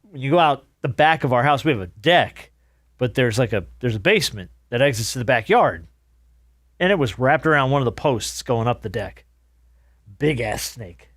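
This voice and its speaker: Wry, dry-voiced podcast host. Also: male voice, medium pitch, no room sound. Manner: wry, relaxed storyteller with dry humor. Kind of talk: casual chat.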